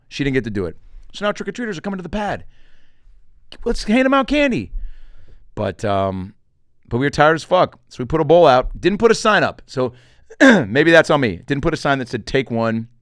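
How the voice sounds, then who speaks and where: A middle-aged male comedian hosts his podcast and rattles off stories and tour dates in a loose, joking way. His pitch swings widely as he talks. The voice is smooth and resonant, picked up close on a dry studio mic. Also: no room sound. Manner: animated, joking, swearing, does quick voices for quotes. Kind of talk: casual solo podcast monologue.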